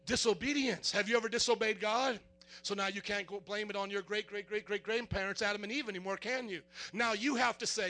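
A man preaching an energetic sermon to a congregation, animated and comic, acting out little scenes and raising his voice to a shout. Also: very high-pitched, brisk. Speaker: pastor. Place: church before a congregation.

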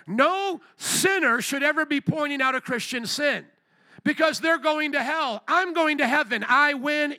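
A man's voice: very high-pitched, normal speed, pushed and bright. A male pastor preaching a sermon emphatically and punchily, repeating phrases and calling for amens. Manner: emphatic and punchy, with many repetitions and calls for amen.

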